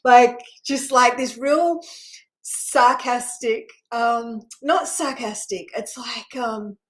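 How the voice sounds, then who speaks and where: A woman's voice: a little high, slow. A middle-aged woman hosting a spiritual channel, talking casually and rambling, with many fillers and frequent laughs.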